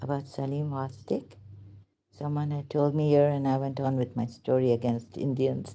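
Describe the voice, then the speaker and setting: Low, dark-voiced woman in her fifties rambling. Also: little pitch movement, normal speed, creaky. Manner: meandering, searching for words, many fillers, laughs and apologizes often. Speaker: channel host. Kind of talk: rambling personal storytelling to camera.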